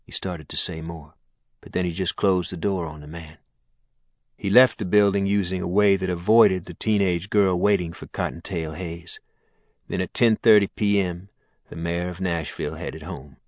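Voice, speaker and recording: A man narrating a crime novel in a measured, even reading. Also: deep voice, no room sound, studio quality. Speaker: audiobook narrator. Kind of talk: scripted narration.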